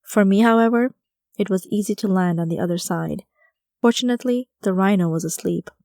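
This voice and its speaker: In a wry, conversational style, a woman narrates a first-person audiobook. Her medium-pitched voice is mellow, soft-edged, and gravelly, and she speaks fairly quickly. The recording is dry and close, with no echo or room sound.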